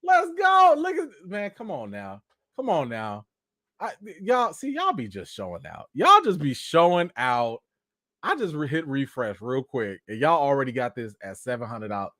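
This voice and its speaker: A man hosting a casual live-stream chat, thanking viewers and reacting to news, animated and excitable. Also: normal speed, no room sound, studio quality. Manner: animated, jumps high when excited, addresses chat directly.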